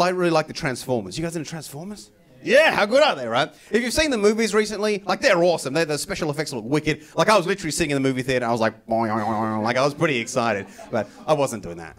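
A young man doing stand-up comedy in a chatty, animated style, often tagging lines with "right?". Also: on the high side.

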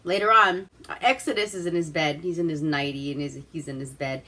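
A woman's voice: deep voice, fairly even intonation, fairly quick, pushed and bright. A woman from Alaska hosting a casual movie recap, rambling, swearing and laughing as she goes. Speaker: host.

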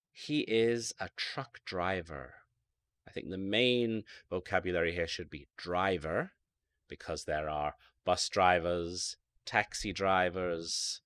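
A British man teaching an online English lesson, speaking slowly and enunciating carefully, repeating words so learners can drill them. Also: low-pitched, fairly bright tone. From Britain. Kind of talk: online ESL lecture.

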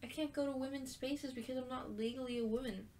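A woman reading aloud the lines of a hurt but gentle young woman from a story game, in an earnest voice. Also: high-pitched, fairly even intonation, fast, slight background noise, close to an everyday voice. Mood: upset.

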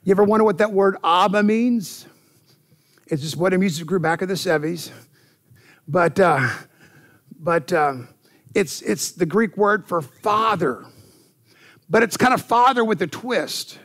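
A male pastor delivers an animated church sermon, repeating words and punctuating his points with "amen". His voice sits a little high and has a gravelly edge. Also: unhurried, pauses often.

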